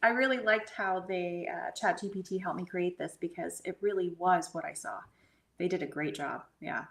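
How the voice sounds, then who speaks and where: A middle-aged woman with a low, gravelly voice tells a personal experience in casual conversation. She talks earnestly and slips into soft, breathy asides now and then. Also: moderate pace. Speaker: guest medium and hypnotherapist.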